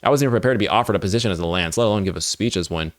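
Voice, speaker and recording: A man's voice: fairly low pitch, racing, no echo, voice pushed down, natural voice. A man voicing a reluctant young male hero caught off guard, reading webtoon dialogue in a flustered, protesting way.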